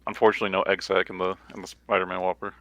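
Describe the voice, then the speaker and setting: A man co-hosting a podcast, recapping an old wrestling episode in relaxed chat with many filler words and dry quips. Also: low-pitched, racing, dry recording. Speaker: podcast co-host.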